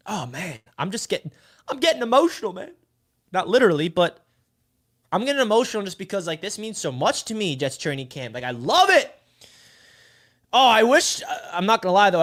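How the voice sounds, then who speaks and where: A young man with a fairly high voice hosts a live fan stream. He talks in an upbeat, effusive way, gushing about friends and the team. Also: fairly bright tone. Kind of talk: excited live-stream chat.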